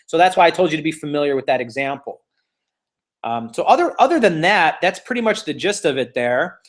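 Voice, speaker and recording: A man's voice: a little high, big pitch swings, brisk. A man teaching a live online real estate exam class, playful and teasing, walking students step by step and cheering them on.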